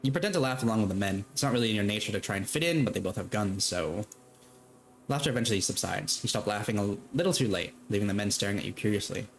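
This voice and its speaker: Man, laid-back game master narrating, low voice with lively swings. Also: quick pace. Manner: casual, laughing, swears freely.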